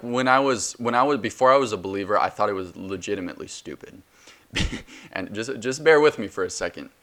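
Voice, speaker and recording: A man's voice: fairly low pitch, a bit bright. A man in his twenties hosting a solo faith podcast, talking passionately and preachily, with many restarts. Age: 20s. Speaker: podcast host.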